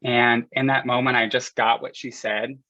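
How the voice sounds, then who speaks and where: A man's voice: medium pitch, flat delivery, moderate pace, bright, forceful tone, dry recording. A young man sharing a personal story with a community group in a candid, confessional way, speaking loosely with lots of "like" and "you know", over a video call. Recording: dull lo-fi audio.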